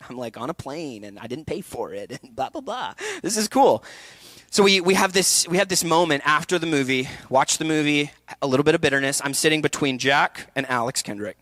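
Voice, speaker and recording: A young man with a bright, forceful voice tells an animated personal story to a festival audience. His delivery is candid and energetic. The sound is dry and close. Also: a little high, brisk, no room sound. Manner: energetic, candid storytelling with laughs and acted quotes. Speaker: actor and speaker. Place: event hall.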